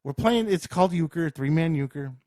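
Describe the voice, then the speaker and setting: A man's voice: on the high side, lively intonation, normal speed, a little mellow, no room sound, studio quality. A man co-hosting a podcast, telling a story in a worked-up, cursing way. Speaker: podcast co-host. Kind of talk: casual chat.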